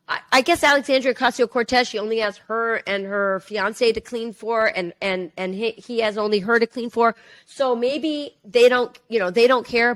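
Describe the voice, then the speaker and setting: A woman's voice: fairly high pitch, a bit bright. A middle-aged woman co-hosting a podcast, talking in long run-on sentences with many fillers. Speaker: podcast co-host. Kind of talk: casual political chat.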